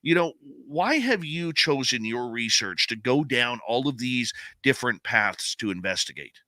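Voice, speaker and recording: A man's voice: mid-range voice, expressive, normal speed, sharp tone, no echo. A man hosting a podcast, putting a long question to his guest and voicing what listeners ask. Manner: reads out imagined questions from listeners. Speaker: podcast host. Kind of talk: asking an interview question.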